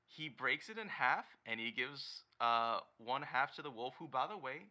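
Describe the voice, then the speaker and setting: Bright-voiced man narrating as game master. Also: medium pitch, animated. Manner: halting, rambling, searches for words mid-sentence. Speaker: dungeon master. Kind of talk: improvised tabletop game narration.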